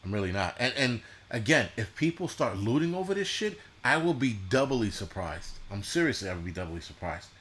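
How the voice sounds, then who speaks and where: A man hosting a casual livestream, ranting bluntly and profanely with mocking asides and halting restarts. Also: mid-range voice, very animated, fairly bright tone. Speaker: show host.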